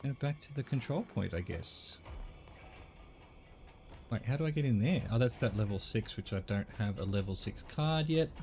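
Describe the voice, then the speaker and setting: A man's voice: medium pitch, animated, moderate pace, darkish tone, soft background music. Middle-aged Australian man streaming games. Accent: Australian, softened. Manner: rambling, self-deprecating, many fillers. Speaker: game streamer. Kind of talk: casual gameplay commentary.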